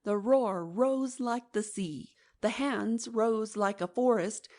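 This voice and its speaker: A woman narrating a classic novel as an audiobook in a measured, expressive reading. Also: on the high side. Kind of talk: scripted narration.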